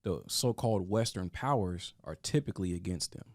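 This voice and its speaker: A man's voice: low-pitched, fairly quick, darkish tone, dry recording, studio quality. A man talking earnestly in a casual podcast discussion, often restarting his sentences. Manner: earnest, with frequent restarts and stammers.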